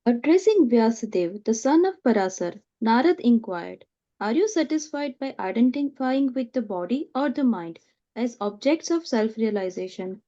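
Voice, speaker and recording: A woman reads a translation aloud in a careful, steady way. Her voice is somewhat high and mellow, and it is heard through muffled, lo-fi call audio. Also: normal speed. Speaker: class participant reading verse translation. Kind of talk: reading aloud.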